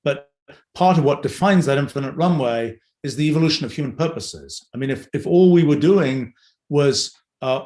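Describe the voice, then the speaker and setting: A man's voice: medium pitch, a little mellow. An older man hosting an unscripted livestream Q&A, thinking aloud with many fillers and restarts. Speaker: host answering audience questions. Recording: roomy echo.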